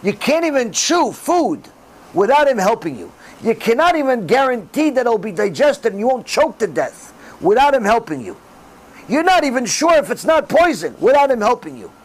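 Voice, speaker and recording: A middle-aged man giving a religious class in sermon style, animated and acting out the voices he quotes. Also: very high-pitched, normal speed, low-quality recording. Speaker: rabbi giving a Torah class.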